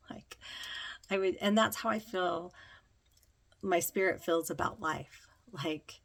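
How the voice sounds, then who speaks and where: A woman telling a reflective personal story, slow and dreamy, with many ums. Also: on the low side, fairly bright tone. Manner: slow, dreamy, breathy with frequent ums and laughter. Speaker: spiritual vlogger.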